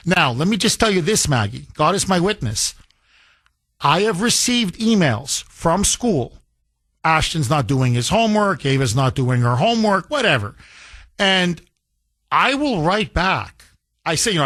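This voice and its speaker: A man's voice: fairly high pitch, lively intonation, normal speed, fairly bright tone, no room sound, clean studio sound. A middle-aged man hosting a talk radio show, telling a personal story in casual chat and acting out the voices he quotes, with frequent restarts.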